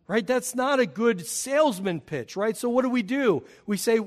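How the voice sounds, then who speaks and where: A man's voice: big pitch swings, moderate pace, a little mellow. A man preaching a sermon to his congregation, building emphasis as he drives key points home. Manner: emphatic, rising in pitch and volume on key points. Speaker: pastor.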